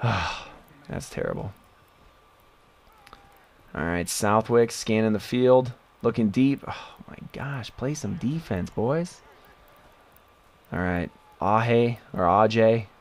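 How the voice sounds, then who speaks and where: Young man, casual gaming play-by-play, very animated pitch, yelps at big plays. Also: slow pace, pauses often. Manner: excitable, jumps to high yelps at big plays. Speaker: gamer commentating his own match. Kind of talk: casual play-by-play game commentary.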